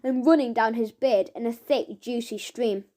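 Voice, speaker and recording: A woman narrating a children's audiobook, chanting its rhymes with lively rhythm. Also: fairly high pitch, moderate pace.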